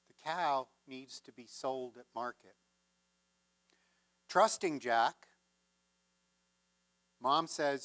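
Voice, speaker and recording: A male minister telling a folk tale in a sermon, measured and gently conversational. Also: mid-range voice. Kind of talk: sermon storytelling.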